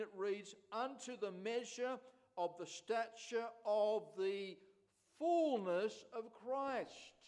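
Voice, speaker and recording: Man, pastor, very high voice, unhurried emphatic sermon delivery. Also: darkish tone. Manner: slow, emphatic preaching with repeated phrases.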